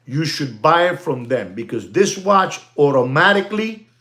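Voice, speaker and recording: A man livestreaming about watches talks in a voice pitched a little above the usual. He repeats himself for emphasis, drops Spanish exclamations into his English, and slides between punchy declarations and quiet mutters. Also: very animated, moderate pace. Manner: emphatic and repetitive, dropping to near-mutters. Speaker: watch channel host. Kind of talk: live-streamed casual rant.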